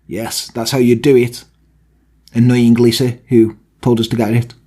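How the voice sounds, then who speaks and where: A man's voice: mid-range voice, level tone, moderate pace, warm tone. A young man co-hosting a podcast, chatty and self-mocking in casual talk. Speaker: podcast co-host.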